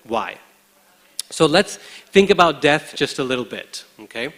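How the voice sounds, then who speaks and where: A man from India giving a scripture class in a large temple hall, speaking in a measured, conversational way with many hesitant pauses. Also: fairly high pitch, big pitch swings, fairly bright tone. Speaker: preacher. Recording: long hall reverb.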